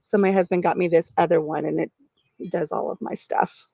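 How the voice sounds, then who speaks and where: A woman's voice: fairly low pitch, fairly even intonation, a little fast, vocal fry, warm tone, husky. A middle-aged woman chatting casually on a live stream from outdoors on her farm porch, giggling and talking to viewers by name.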